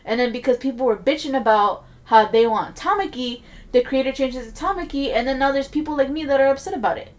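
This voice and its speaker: A woman co-hosting a podcast in casual chat, talking in an animated way with frequent swearing and quick outbursts. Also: high voice. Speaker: podcast co-host.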